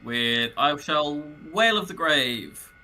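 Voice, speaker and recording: Guy at a game table, bright sharp voice, talks his turns through, faint music. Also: on the high side, expressive, slow. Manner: chatty, thinks out loud about rules. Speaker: player. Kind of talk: casual tabletop play.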